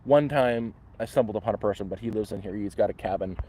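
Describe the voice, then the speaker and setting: Quick and breathy-edged, his fairly low voice dark in tone, a Canadian man livestreams casually from the woods. He rambles as he tells stories, restarting often and voicing the quoted speakers himself.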